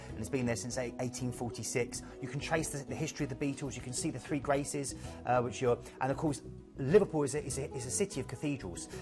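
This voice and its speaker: Fast-talking man presenting cruises. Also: medium pitch. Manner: enthusiastic, rambling travel descriptions. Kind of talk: live TV sales chat.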